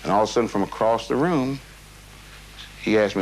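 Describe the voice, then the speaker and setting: A man's voice: on the low side, a little fast, darkish tone, a little hiss or hum, rough recording. A man being interviewed, recounting a personal memory in a rambling, casual way with many fillers and restarts. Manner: casual, drops "man" into his talk.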